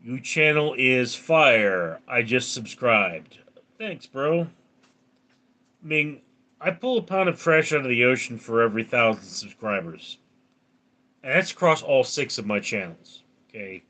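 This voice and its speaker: A man hosts a casual live stream, reading his viewers' comments aloud and replying to each one. His voice is round and resonant, with a bright, forward edge. His pitch swings freely as he talks. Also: lively intonation, a little slow. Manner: reads viewer comments aloud and answers them.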